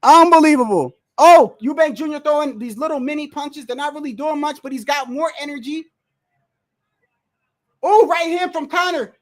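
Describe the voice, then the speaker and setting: A man hosting a livestream, reacting to a boxing match with animated, profane, exasperated commentary. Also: very high-pitched, moderate pace. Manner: animated, profane, exasperated, often says bro. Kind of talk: excited live reaction commentary.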